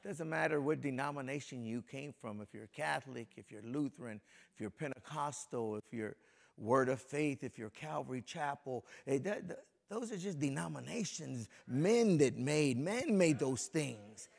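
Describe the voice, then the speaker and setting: A middle-aged man preaching a lively, folksy sermon as a pastor, joking with the congregation and swinging between soft and loud. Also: mid-range voice, normal speed, vocal fry. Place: church sanctuary before a congregation.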